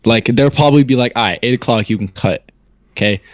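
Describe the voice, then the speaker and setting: A man's voice: mid-range voice, quick pace, dry recording, studio quality. A young man in casual chat, ranting with slang and swearing. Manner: slangy, swearing, complaining in a rant.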